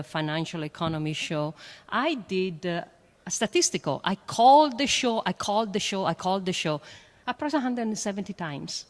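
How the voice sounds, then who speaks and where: A woman with a French accent speaks on a panel in a low voice, earnest and emphatic, pausing often on fillers. Her words ring with the long reverb of a large hall. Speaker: panelist, astrophysicist. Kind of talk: panel discussion.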